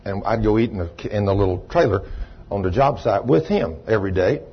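Folksy preacher, muffled recording. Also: male voice, lowish voice, lively intonation, fairly quick, husky. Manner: folksy, rambling storyteller with shouted bursts of praise. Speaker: pastor. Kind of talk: sermon storytelling.

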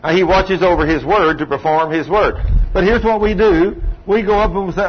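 Preacher, man, storytelling sermon, slightly high voice, dull recording with a faint hiss. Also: brisk. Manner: folksy storytelling preacher, acts out dialogue. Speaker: pastor.

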